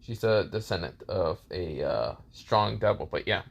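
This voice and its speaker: A man casually retelling a fan story, halting, with many fillers and self-corrections. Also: sits low, expressive, creaky. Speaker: narrator.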